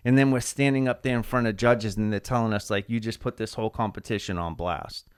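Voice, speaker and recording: A man's voice: on the low side, fairly even intonation, brisk, smooth. A man, a dancer, telling a story in casual podcast talk, rambling with lots of "like" and swearing.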